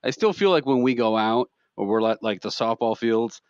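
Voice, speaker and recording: A man in his thirties co-hosting a podcast, telling animated stories in casual comedic chat. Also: mid-range voice, normal speed, clean tone, no room sound. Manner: animated storyteller, acts out quotes loudly. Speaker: podcast co-host. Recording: dry, slightly dull podcast audio.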